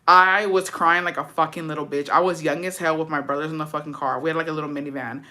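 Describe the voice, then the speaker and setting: A woman vlogger with a bright, ringing tone, reading out viewer comments and reacting to each one. She talks in a blunt, slangy way, swearing freely as she tells animated stories. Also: deep voice, quick pace. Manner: animated storytelling.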